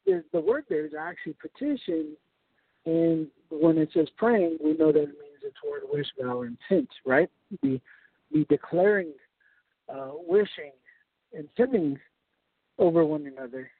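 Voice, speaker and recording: A man's voice: a little high, husky, no room sound. A man preaching a Bible study sermon, explaining scripture step by step and often checking in with his listeners. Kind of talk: sermon-style Bible teaching. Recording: tinny phone-like sound, dry.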